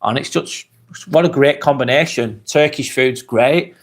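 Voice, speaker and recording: A man from England hosts a casual live vlog, reading out viewer comments in a relaxed, chatty way and asking plenty of questions. His voice is mid-range and he speaks a little slowly.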